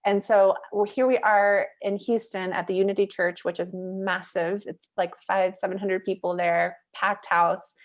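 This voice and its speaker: A woman speaking as a podcast guest, recounting her own experience in a lively, conversational flow. Her talk is loose and candid, sprinkled with "like" and "you know". She laughs readily between thoughts, in a voice of ordinary middle pitch. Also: normal speed, hardly any pauses. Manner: animated, chatty, peppered with "like" and "you know"; laughs easily while telling stories. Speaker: guest, mindset coach and facilitator. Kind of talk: candid personal storytelling in a podcast interview.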